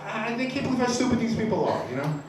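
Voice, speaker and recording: A man doing a stand-up comedy set, telling crude stories in a rambling, deadpan way with many restarts. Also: very high voice, quick pace, a crowd in the background. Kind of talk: stand-up set at an open mic. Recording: echoey room, far from the mic, noisy.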